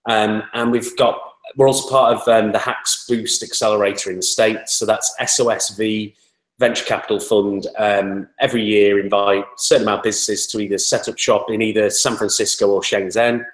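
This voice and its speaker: In a reverberant recording, a man with a fairly low, brisk voice and little pitch movement speaks as an interview guest. Representing a toy startup, he chats casually and rambles, using many fillers.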